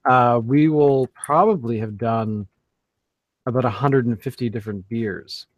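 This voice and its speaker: A man's voice: mid-range voice, measured pace, no echo. A man co-hosting a casual beer podcast, rambling with many fillers and restarts. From Canada. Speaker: podcast co-host. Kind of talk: casual chat.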